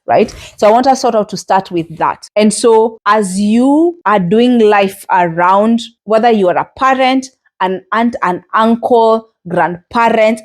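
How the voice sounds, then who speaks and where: Earnest woman podcast host, gentle delivery. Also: medium pitch. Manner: earnest, gentle, many fillers and restarts. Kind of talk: reflective solo podcast talk.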